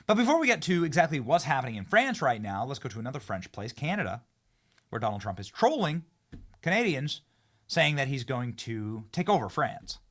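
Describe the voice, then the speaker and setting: A man hosting a political commentary show, talking excitably with sarcastic asides. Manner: excitable, sarcastic, swings between loud outbursts and low asides.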